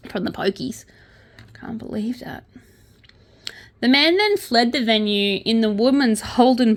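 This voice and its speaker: A young adult woman with an Australian accent, reading crime news aloud and breaking off for sarcastic asides. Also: on the high side. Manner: sarcastic asides between read-out news items.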